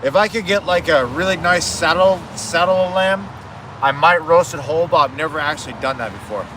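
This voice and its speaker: A man's voice: a little high, a little fast, noisy background. A man chatting casually and swearing now and then while he cooks live outdoors for his viewers. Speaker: streamer cooking live. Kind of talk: casual live-stream chat. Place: outdoors at a home cookout.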